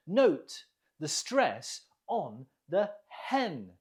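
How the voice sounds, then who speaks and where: Patient ESL teacher: slow and deliberate, very expressive melody, clear careful enunciation, encouraging. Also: mid-range voice. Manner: deliberate, clearly enunciated, drills pronunciation with pauses for repeating; encouraging, gently praises learners. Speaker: English teacher. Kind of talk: online vocabulary lesson.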